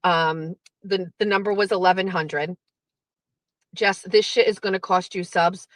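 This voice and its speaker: A woman's voice: fairly low pitch, measured pace, no echo, low-quality recording. A woman hosting her own stream, ranting about online drama with heavy swearing and mocking impressions of other people. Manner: profane, animated, mocking impressions. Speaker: streamer host. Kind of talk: ranting commentary.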